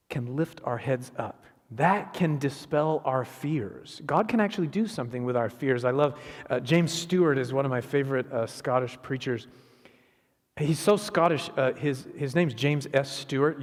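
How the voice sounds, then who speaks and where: A man preaching a sermon in a church, animated and conversational, voicing quick asides as he retells the story. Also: medium pitch, in a large hall. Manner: animated, acts out Jesus's words in quick asides. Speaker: guest preacher. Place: church sanctuary.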